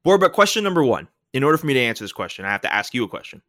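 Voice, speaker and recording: A man's voice: medium pitch, big pitch swings, racing, a bit bright, dry recording, studio quality. A man hosting a casual sports talk show, explaining his points emphatically and often checking in with "right?".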